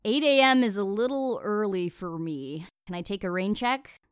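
A woman's voice: mid-range voice, normal speed, smooth, dry recording, clean studio sound, voice pushed up, close to an everyday voice. A woman reading an audiobook, voicing a friendly young male handyman who calls out cheerfully across a yard. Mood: amused. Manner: cheerful, calling out loudly.

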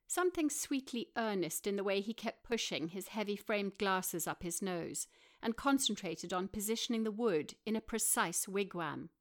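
A woman narrating an audiobook in an even, measured way. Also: medium pitch.

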